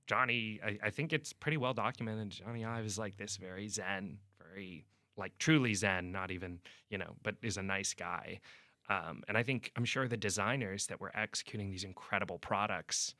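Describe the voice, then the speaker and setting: Man, young adult, bright forceful tone, lowish voice, animated storyteller, dry close sound. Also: dry recording. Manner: animated storytelling, acts out quotes loudly. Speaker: sports reporter, guest. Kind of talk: conversational podcast interview.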